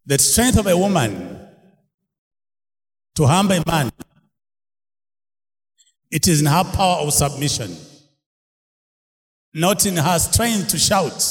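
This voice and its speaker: A man preaching a sermon, laughing often and calling out questions to his congregation. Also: fairly high pitch. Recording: long hall reverb.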